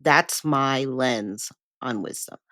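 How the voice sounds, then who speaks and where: A woman co-hosting a podcast, explaining her view in a calm, measured, reflective way. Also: extremely low pitch, dry recording. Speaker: podcast co-host. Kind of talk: reflective conversational talk.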